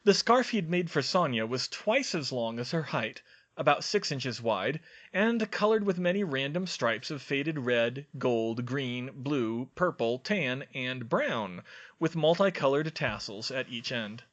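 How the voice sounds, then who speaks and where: A man reading a story aloud in a steady, even narration. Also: medium pitch, measured pace. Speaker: audiobook reader.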